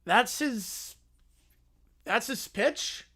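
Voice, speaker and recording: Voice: medium pitch, animated, drawn-out words, bright, forceful tone, husky. A streamer reading a fan story aloud, breaking off with incredulous, laughing reactions and putting on voices for the quotes.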